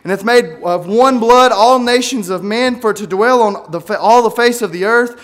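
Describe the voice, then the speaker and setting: A man preaching a sermon, reading scripture aloud and swinging from quiet musing to shouted peaks. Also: very high voice, moderate pace. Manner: reads scripture aloud in King James wording.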